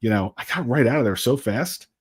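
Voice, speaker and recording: A man co-hosting a podcast, telling a story casually in an animated, exasperated way. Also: medium pitch, fairly quick, husky, no echo. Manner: animated, exasperated retelling with acted quotes. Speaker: podcast co-host.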